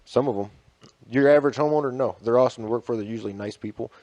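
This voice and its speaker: A man's voice: mid-range voice, very fast. A man with a Midwestern accent, co-hosting a podcast in casual, profane chat and telling work stories. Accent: Midwestern American. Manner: profane storytelling, acts out quotes loudly. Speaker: podcast co-host.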